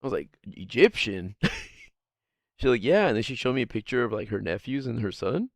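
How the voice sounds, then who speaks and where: Male streamer, relaxed and rambling, swears a lot, laughs often, mid-low voice, dry close sound. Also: normal speed, no echo. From Guam. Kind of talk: casual livestream chat.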